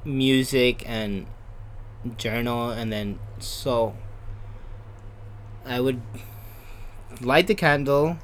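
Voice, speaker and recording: A man's voice: medium pitch, very slow, pauses often, a little hiss or hum. A young man, a podcast guest, talking in a casual, rambling way full of fillers. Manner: rambling, many fillers like "you know" and "kinda". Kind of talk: casual chat.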